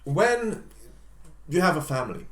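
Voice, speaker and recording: A man's voice: fairly high pitch, sing-song, unhurried. A man co-hosting a podcast, telling a long comic story in a rambling way with fillers and jokey asides. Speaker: podcast co-host. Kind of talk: casual comedic storytelling. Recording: roomy echo.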